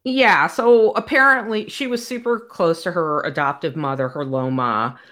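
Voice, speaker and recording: Low-voiced woman recapping a story. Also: moderate pace. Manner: animated retelling, voices characters' lines. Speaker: podcast co-host. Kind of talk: casual book recap chat.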